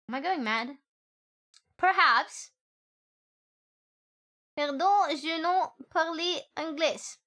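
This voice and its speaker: Playful woman streamer, high and bright, giggly, reads story text and teases chat. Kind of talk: game stream, reading story text and chatting.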